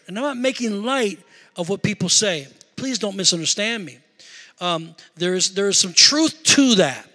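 Middle-aged male pastor, sermon, high bright voice, emphatic asides to the congregation. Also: expressive, normal speed, long reverb tail. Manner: emphatic preaching with call-and-response asides.

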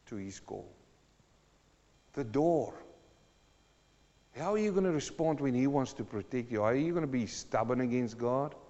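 Impassioned preacher man in an echoey church. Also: dull audio. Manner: impassioned, swings between low earnest talk and loud declarations. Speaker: pastor. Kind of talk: sermon.

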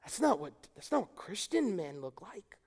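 A man's voice: high voice, big pitch swings, normal speed, darkish tone, husky. A middle-aged male pastor preaching an emphatic, impassioned sermon to his congregation. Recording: long hall reverb.

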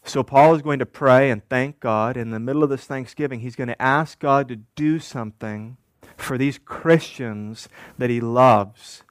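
Male pastor mid-sermon, unhurried, fond of repetition and rhetorical questions, close and dry. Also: mid-range voice, dry recording. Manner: deliberate, repeats key phrases, asks rhetorical questions.

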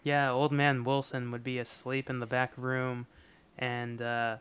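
A man's voice: medium pitch, monotone, measured pace, a bit bright, clean tone. A man co-hosting a casual podcast, chatting easily about a TV episode. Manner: easygoing, laughs often. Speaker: podcast co-host. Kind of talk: casual chat recapping a TV episode.

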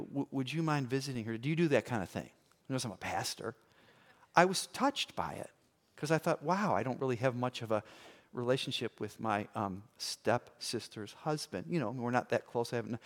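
A middle-aged man preaching as a pastor, telling a story with acted-out voices and swings from hushed to loud. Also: fairly high pitch. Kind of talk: sermon with a personal story.

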